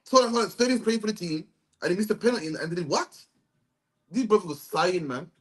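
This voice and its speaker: High-voiced emphatic man teaching. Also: expressive, fast, a bit bright. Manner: emphatic, tags sentences with "man". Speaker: religious teacher. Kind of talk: bible study lecture.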